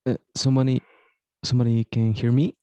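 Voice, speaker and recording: Male participant on a video call, unsure and halting, mellow dark tone, dry sound. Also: medium pitch, little pitch movement, clean tone, no room sound. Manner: hesitant, unsure questions. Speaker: workshop participant. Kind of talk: casual question over video call.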